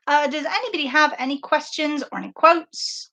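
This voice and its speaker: A woman's voice: high voice, big pitch swings, normal speed, few pauses, pushed and bright. Rambling, enthusiastic young woman streaming. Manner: rambling and enthusiastic, many fillers. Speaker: podcast host. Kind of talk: casual live-stream chat. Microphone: basic makeshift microphone.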